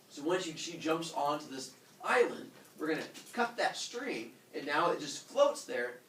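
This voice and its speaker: A man tells an old myth to a small group, goofing around with big pitch swings. He sounds roomy and a bit distant, with faint noise behind him. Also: measured pace. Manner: goofy, lively, with laughs and sound effects. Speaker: storyteller. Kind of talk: comic myth retelling to a live group. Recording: echoey room from a distant mic, faint noise.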